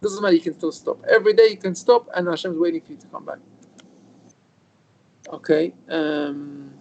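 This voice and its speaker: Over a video call, a rabbi with a high-leaning voice and vocal fry gives an informal Torah lesson at normal speed, and the recording sounds muffled. He's an animated storyteller who acts out the dialogue and sprinkles in Hebrew terms.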